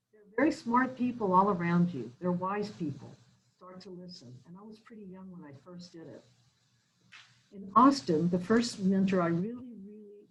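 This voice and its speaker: A middle-aged woman, a business owner, telling her life story in a chatty way, often restarting, with loudness rising and falling. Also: medium pitch, a little hiss or hum, low-quality recording.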